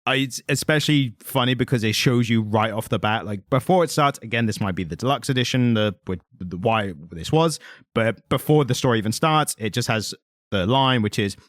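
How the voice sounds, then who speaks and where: Casting: man, mid-pitch, rambling tangent-prone podcast co-host, close dry mic. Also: a little fast, no room sound. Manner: rambling, tangent-prone storytelling with frequent fillers. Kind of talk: casual chat.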